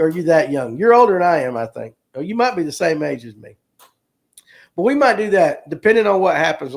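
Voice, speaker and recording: A man hosting a casual fishing livestream, joking with viewers and reading comments aloud. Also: fairly high pitch. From North Georgia, US. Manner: folksy, joking, talks to viewers by name. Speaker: host of a fishing livestream show.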